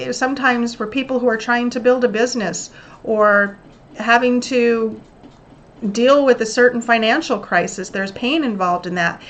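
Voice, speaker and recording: A woman's voice: fairly high pitch, a bit bright. A woman hosting a motivational self-help talk, coaching listeners earnestly and acting out little examples. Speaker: host.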